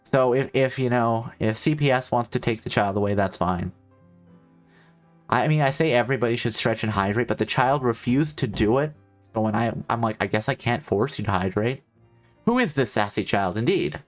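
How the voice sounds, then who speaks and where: A man's voice: mid-range voice, normal speed, soft background music. A man streaming a video game, chatting casually and rambling into joking asides to his chat. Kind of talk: casual let's-play chat.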